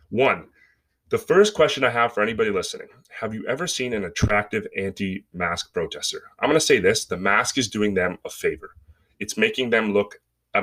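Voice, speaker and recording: A man's voice: fairly low pitch, a bit bright. A man in his twenties hosting a solo podcast, ranting with sarcasm and mockery in casual talk. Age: 20s. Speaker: podcast host.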